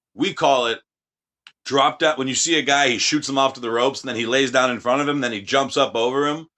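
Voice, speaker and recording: A man's voice: medium pitch, pushed and bright. A man, a wrestler, chatting casually with a lot of swearing, rambling and acting out quotes. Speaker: professional wrestler guest. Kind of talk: casual profane chat.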